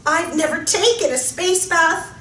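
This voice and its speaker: A woman's voice: very high voice, measured pace, bright, forceful tone, exaggerated voice. A woman voicing an eager, chatty teenage girl lamb with a Midwestern accent, upbeat and full of questions. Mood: excited. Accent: Midwestern American. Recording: echoey room, mic far off, faint hiss.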